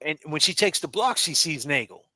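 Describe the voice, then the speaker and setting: Animated, profane man hosting a stream. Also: a little high, normal speed, no room sound. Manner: animated, profane, riffing with mock taunts. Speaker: livestream host. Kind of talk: casual heated chat.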